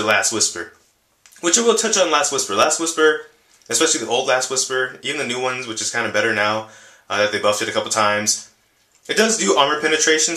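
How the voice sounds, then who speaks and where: A young man rambles casually through a game explainer, his voice bright and forceful. He leans on fillers and keeps jumping his pitch up and down. The sound bounces around a roomy, echoey space. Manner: rambling, filler-heavy, lively pitch jumps. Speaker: gaming channel host. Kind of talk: casual video commentary. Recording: echoey room.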